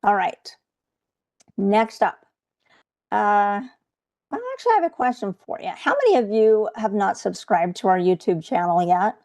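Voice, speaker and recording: Woman trading coach on a webcast, warm low-key tone, chatty, keeps asking okay?. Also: lively intonation, moderate pace, long pauses. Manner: chatty, adds "okay?" to check in with viewers. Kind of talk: live webcast lesson.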